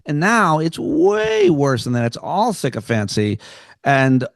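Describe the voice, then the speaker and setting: A man's voice: on the high side, huge pitch swings, measured pace, creaky, no echo, clean studio sound. A male comedian joining a radio panel as a guest, talking earnestly and rambling through his points. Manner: rambling, earnest, restarts mid-thought. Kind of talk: casual panel chat.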